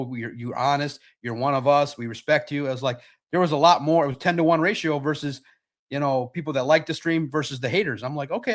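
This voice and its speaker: Sports podcast guy on a live stream, fairly high voice, keeps repeating himself and restarting, fired up. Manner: animated and repetitive, with lots of restarts and catchphrases. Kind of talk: casual live-stream chat.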